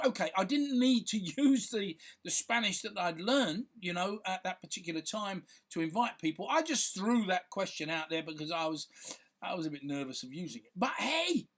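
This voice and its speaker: A man's voice: sits high, a bit bright, slightly rough. A man, a filmmaker talking casually to camera in a rambling, chatty way, full of fillers and restarts. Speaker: filmmaker and content creator.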